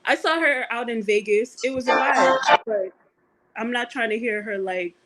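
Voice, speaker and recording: A woman co-hosting a podcast, chatting casually and giving her opinions in a relaxed, emphatic way. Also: on the high side, moderate pace, slight background noise, rough recording. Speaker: podcast co-host. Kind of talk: casual chat.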